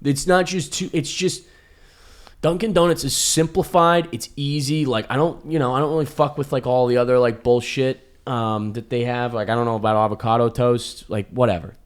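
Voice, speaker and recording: A young American man co-hosting a comedy podcast, talking loudly and swearing, with mock grand proclamations. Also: mid-range voice, fairly even intonation, normal speed, clear, resonant tone. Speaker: podcast co-host. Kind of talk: casual chat.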